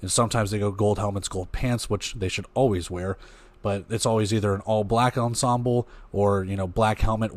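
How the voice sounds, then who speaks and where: A man with a somewhat low voice hosts a laid-back football recap. He reads off stats and plays in a loose, conversational way, often wandering into asides. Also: no room sound. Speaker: podcast host. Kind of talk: casual sports recap.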